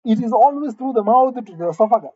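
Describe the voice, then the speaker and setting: A woman delivering a mock-serious comic rant, indignant and halting, often repeating her words. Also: a little high, animated, no echo, dull audio. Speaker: comedic vlogger.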